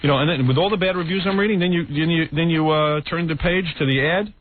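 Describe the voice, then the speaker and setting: A man's voice: a little high, quick pace. A man with a slight New York accent hosting a radio show, bantering bluntly and sarcastically. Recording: tinny phone-like radio audio, faint hiss.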